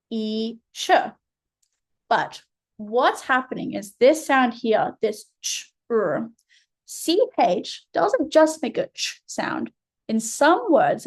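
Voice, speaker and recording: An Australian woman tutoring a child through a phonics lesson, patient and encouraging. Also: on the high side. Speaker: reading tutor.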